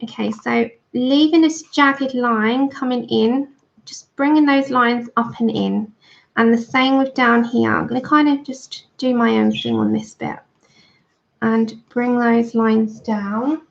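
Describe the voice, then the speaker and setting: A woman's voice: on the high side, steady tone, measured pace, vocal fry. A woman chatting casually to her livestream viewers while she colours, thanking them by name. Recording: dull lo-fi stream audio.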